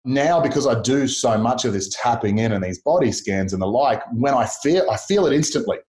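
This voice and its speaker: Man, podcast guest, animated storyteller, mid pitch, roomy echo. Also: fairly quick. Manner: animated storyteller who acts out quoted voices. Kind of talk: casual conversation.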